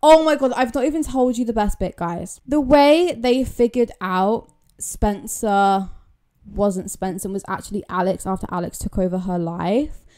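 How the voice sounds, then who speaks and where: British woman, young adult, smooth clear voice, chatty and emphatic, casual commentary. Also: medium pitch, moderate pace, mellow. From Britain. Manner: chatty, emphatic, repeats words for stress. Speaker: YouTuber.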